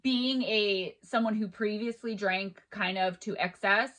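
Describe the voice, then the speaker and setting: A woman's voice: medium pitch, a little slow, fairly bright tone. A young woman hosting a true-crime video, telling the story in a casual, chatty way with personal asides.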